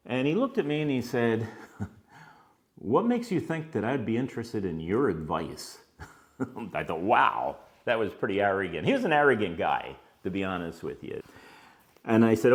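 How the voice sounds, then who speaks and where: Older male business owner, casual storytelling monologue, animated delivery with lively pitch. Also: normal speed. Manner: animated, acts out quoted dialogue with raised pitch, chuckles between lines. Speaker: business owner telling stories.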